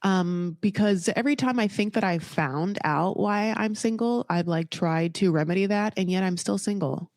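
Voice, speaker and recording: A woman's voice: mid-range voice, normal speed, few pauses, darkish tone, no echo, studio quality. A woman hosting a podcast, recapping a reality show in a chatty, campy way and calling the listener honey. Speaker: podcast host. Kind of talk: casual solo recap commentary.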